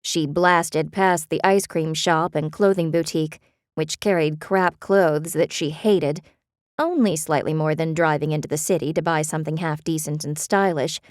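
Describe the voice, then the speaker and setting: Brief: woman narrator, lowish voice, steady read, very dry close sound. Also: moderate pace, no room sound. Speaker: audiobook narrator. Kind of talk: scripted narration.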